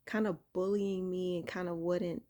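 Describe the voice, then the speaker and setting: A woman casually telling a personal spiritual story indoors, keeping her voice low and soft so she doesn't wake her sleeping son. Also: flat delivery, moderate pace. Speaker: vlogger sharing a spiritual testimony. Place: indoor room at home.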